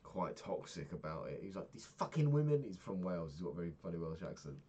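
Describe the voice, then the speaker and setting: A man's voice: low voice, steady tone, fast, darkish tone, slightly rough, dull audio. A young man talking through his day in a candid, rambling diary vlog, swearing freely. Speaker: vlogger.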